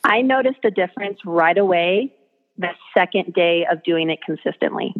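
A woman's voice: lowish voice, expressive, moderate pace. A woman, a mother and blogger, telling parenting stories in an earnest, chatty way. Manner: earnest, storytelling, acts out her kids' voices. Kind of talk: casual interview chat. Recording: tinny phone-line sound.

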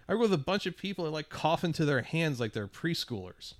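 A man's voice: medium pitch, expressive, fairly quick, no echo. A man co-hosting a podcast, telling a casual, profane story and acting out the quotes. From St. Louis area, USA. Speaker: podcast co-host. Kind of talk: casual chat.

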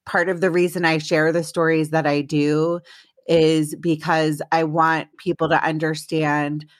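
A woman's voice: low-pitched, level tone, measured pace, no room sound, studio quality. A woman hosting a podcast, telling rambling personal stories in a casual chat before introducing her guest. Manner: chatty, rambling storytelling. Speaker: podcast host.

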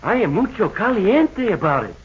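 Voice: medium pitch, big pitch swings, normal speed, breathy edge. An actor playing a cheerful boy with a Spanish accent in a 1930s radio serial, with a bubbly, enthusiastic manner. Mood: excited. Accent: Spanish-accented English. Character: cheerful Latin American boy. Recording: dull old radio transcription.

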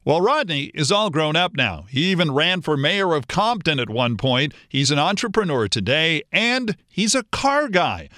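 A man's voice: on the high side, big pitch swings, moderate pace, few pauses, bright, forceful tone, dry recording, clean studio sound. A male host leading an interview with easy, conversational questions.

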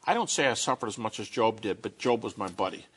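A man giving an earnest, conversational talk about grief and faith, slowing down to stress key points. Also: fairly low pitch, lively intonation, slightly rough. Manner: earnest storytelling, slowing down for emphasis.

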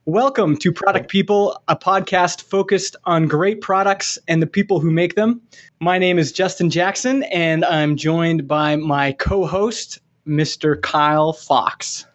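A man's voice: a little high, a little slow, muffled recording. A man hosting a podcast, upbeat and easy to laugh, in a casual interview. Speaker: podcast host.

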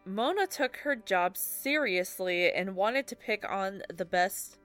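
Woman slowly reading a friend's story. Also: medium pitch, animated, fairly bright tone, faint music behind. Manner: stumbles over handwriting, laughs through reading. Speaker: podcast co-host.

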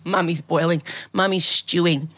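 An Australian woman co-hosting a podcast, telling a story in a lively way and acting out both sides of the conversation. She has a cold. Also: on the low side, normal speed. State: sick with a cold. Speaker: podcast co-host. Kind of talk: casual chat.

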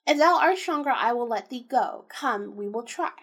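A woman's voice: fairly high pitch, animated, moderate pace, a bit bright, breathy edge, heavily acted. A woman voicing a terrible old bearded male fiend who threatens and boasts. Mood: menacing. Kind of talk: storybook reading.

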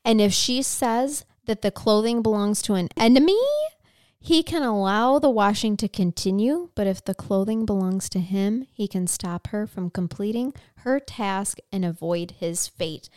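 A woman's voice: mid-range voice, unhurried, a little mellow, clean tone. A woman co-hosting a casual podcast on a headset mic, reading folklore aloud with playful asides and frequent laughter. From Irish descent, American. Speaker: podcast co-host. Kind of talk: casual chat.

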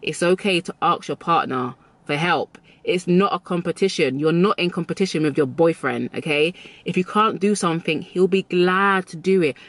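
A woman's voice: on the low side, moderate pace, no room sound. Chatty woman giving advice. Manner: chatty, emphatic, repeats key phrases. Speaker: lifestyle advice vlogger. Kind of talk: casual advice talk to camera.

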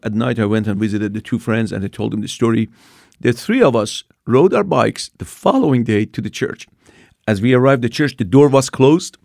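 Gravelly man in his sixties. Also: medium pitch, dry recording, studio quality. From Iran. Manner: animated retelling with acted-out quotes. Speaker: guest telling his testimony. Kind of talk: personal storytelling.

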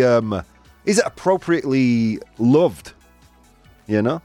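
A male radio host doing live banter, energetic and chatty, laughing often and a bit out of breath. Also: medium pitch, moderate pace, soft background music. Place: radio studio.

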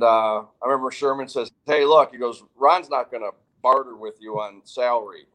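An older male football coach from Wisconsin with a mid-pitched voice. He talks in a chatty, easygoing way and often restarts his sentences while he tells his stories. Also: a bit bright, low-quality recording. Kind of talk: casual interview storytelling.

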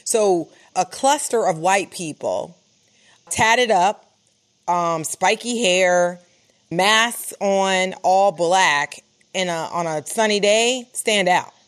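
Emphatic woman reporter, lowish voice. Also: slow pace. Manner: urgent, emphatic, with many "like" fillers. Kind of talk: live interview, recounting events.

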